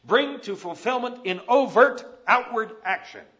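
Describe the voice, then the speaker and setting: A man's voice: very high-pitched, expressive, unhurried, sharp tone. A man preaching a sermon with emphatic, rising stresses, on a dull lo-fi recording.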